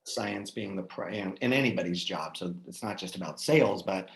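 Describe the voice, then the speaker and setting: A man talking casually as a guest, telling personal stories in an animated way and often checking in with "right?". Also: sits low, normal speed, creaky, poor audio. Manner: animated, lots of restarts and "right?" tags. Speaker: guest speaker. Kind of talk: casual conversational storytelling.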